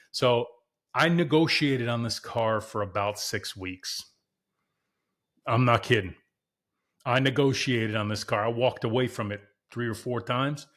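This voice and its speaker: A man's voice: medium pitch, a bit bright. A man hosting a podcast, chatting casually and candidly to viewers about his car, emphatic and repeating himself for emphasis. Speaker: podcast host.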